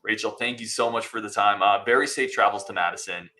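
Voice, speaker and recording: A male podcast host talks at a rapid clip in a bright, forceful voice that sits fairly low. He is upbeat and encouraging, speaking with his guest over a video call. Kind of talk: casual podcast interview.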